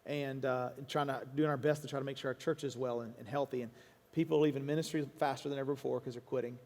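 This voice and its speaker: A man speaking as a pastor to a congregation in a church auditorium. He is earnest, with quick restarts and quoted asides. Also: mid-range voice, fairly even intonation, darkish tone. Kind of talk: stage conversation to a congregation. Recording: long hall reverb.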